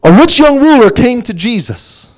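A man preaching a sermon, emphatic, dropping to hushed asides and then rising to loud exclamations. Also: very high-pitched, very animated, moderate pace.

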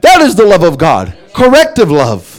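A man preaching a sermon, emphatic, dropping to hushed asides and then rising to loud exclamations. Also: high voice, wildly swooping pitch, moderate pace.

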